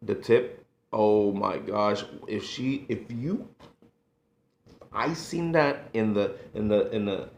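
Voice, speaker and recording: A middle-aged man from the United States, a food vlogger reminiscing in a halting, emotional way, sighing between thoughts. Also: lowish voice. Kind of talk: casual reminiscing monologue. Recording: echoey room.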